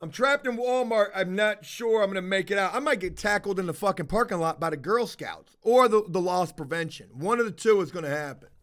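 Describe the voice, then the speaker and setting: High-voiced and a little fast with few pauses, a man on a livestream rambles through a casual story full of swearing. He animatedly acts out both sides of the dialogue.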